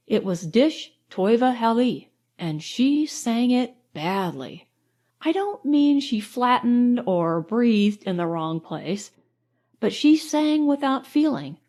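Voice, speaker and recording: A woman narrating a novel in the first person, in a measured, reflective storytelling manner. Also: a little high, dark tone. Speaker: audiobook narrator.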